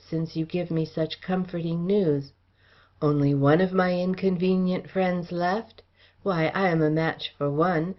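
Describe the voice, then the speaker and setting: A woman reading the part of a smooth, guarded young gentleman heir in an audiobook, with courteous, old-fashioned speech. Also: on the low side, highs cut off, close to an everyday voice.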